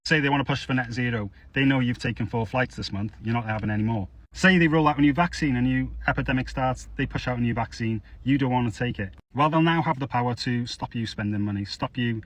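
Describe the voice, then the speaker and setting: A man's voice: mid-range voice, fast, hardly any pauses, low-quality recording. A man delivering an angry social media rant, heated, sarcastic and insistent.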